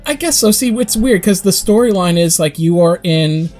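A man co-hosting a podcast talks in a rambling, animated way, slipping into quick acted-out quotes. His voice sits a little high. Faint music plays underneath. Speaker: podcast co-host. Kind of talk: casual chat.

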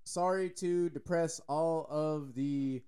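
A man's voice: a little high, takes it slowly, dark tone, smooth. A Texan man co-hosting a casual sports podcast, loose and joking, swearing freely. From Texas. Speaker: podcast co-host.

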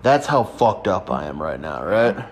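A man's voice: low-pitched, sing-song, measured pace. A young man in his twenties telling a rambling, crude story in a casual chat. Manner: crude, rambling, laid-back. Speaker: podcast host.

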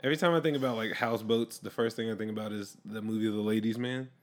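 A man's voice: fairly low pitch, fairly even intonation, fast. A young man chatting casually while watching a movie with a friend, rambling with lots of fillers and laughing often.

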